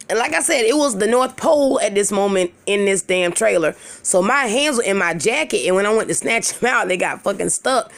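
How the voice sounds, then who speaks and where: A woman in her thirties telling a story to her viewers in a casual, profane, animated way. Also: mid-range voice, normal speed. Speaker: storytelling vlogger.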